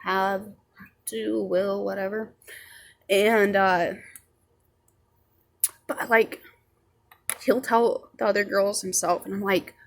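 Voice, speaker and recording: A woman's voice: medium pitch, fairly even intonation, takes it slowly, gravelly, pauses often. A young woman telling a rambling story in a casual vlog, swearing freely and chatty. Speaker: vlogger.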